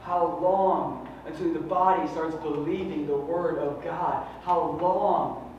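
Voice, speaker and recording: Slow and steady, with a slightly high and darkish voice, a male pastor delivers a fervent, conversational sermon full of rhetorical questions. The sound is distant and echoey, as in a hall, dull with faint noise.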